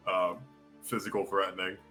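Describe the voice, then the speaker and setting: Faint music sits behind this game master as he runs a tabletop session. His voice is low and flat, sharp in tone, and moves at a normal pace. His narration wanders, packed with fillers and restarts, and he voices the townsfolk.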